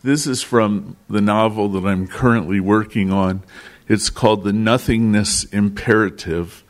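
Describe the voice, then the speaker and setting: A man's voice: on the low side, fairly even intonation, unhurried. A man from Washington, D.C., an author introducing and reading from his novel with a dry humor. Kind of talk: prose reading at a showcase.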